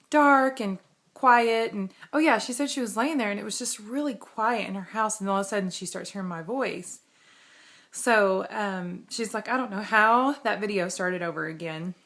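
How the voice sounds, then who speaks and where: A woman's voice: medium pitch, creaky, a bit bright. A woman, talking casually and rambling in a vlog, laughing often. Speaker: vlogger.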